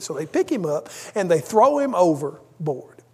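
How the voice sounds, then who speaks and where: A man's voice: a little high, expressive, moderate pace, hardly any pauses, a little mellow, slightly rough. A man preaching a sermon, telling a story conversationally with asides. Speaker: pastor.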